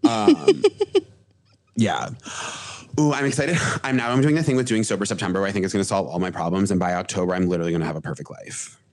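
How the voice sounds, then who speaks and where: A man with a very deep voice rattles along quickly in relaxed podcast conversation. He rambles with plenty of filler words and complains for laughs. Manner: comic complaining. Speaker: podcast host. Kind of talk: casual chat.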